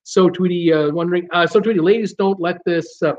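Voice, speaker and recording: A man's voice: high-pitched, steady tone, brisk, a little mellow, highs cut off. An older man hosting a live stream, chatting casually as he reads viewer comments aloud. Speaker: host of a live cruise Q&A stream.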